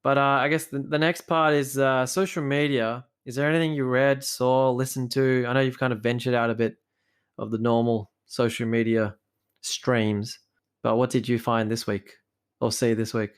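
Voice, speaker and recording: A man's voice: medium pitch, level tone, moderate pace, clean tone. A man co-hosting a podcast in casual chat, easygoing, with lots of fillers and restarts. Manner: easygoing, full of fillers and repeated starts. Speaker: podcast co-host.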